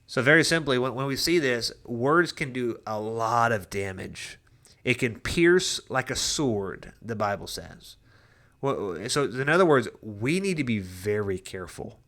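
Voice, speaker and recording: A man's voice: medium pitch, expressive, measured pace, fairly bright tone. A young adult man, a pastor giving a casual devotional talk, earnest and conversational with frequent restarts and personal stories.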